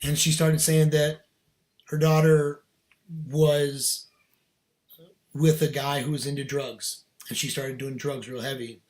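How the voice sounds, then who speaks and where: Man, podcast guest, earnest animated storyteller, casual talk, somewhat high voice. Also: slow, long pauses. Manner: earnest, animated storyteller who laughs between lines.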